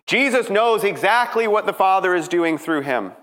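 A man preaching a dramatic sermon, emphatic, moving from hushed passages to rising ones. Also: high voice, animated, normal speed. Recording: preaching in a reverberant hall.

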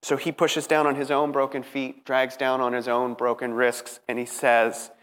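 A man preaching a dramatic sermon, emphatic, moving from hushed passages to rising ones. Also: medium pitch, little pitch movement, normal speed, hardly any pauses, smooth. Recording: preaching in a reverberant hall.

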